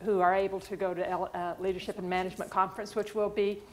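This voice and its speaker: A woman hosts an educational webinar and wraps it up with thanks and announcements. She speaks at a middle pitch, pausing often on small fillers. Faint noise sits behind her voice. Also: flat delivery. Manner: warm, thankful, halting with fillers. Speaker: webinar host. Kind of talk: closing remarks of a webinar.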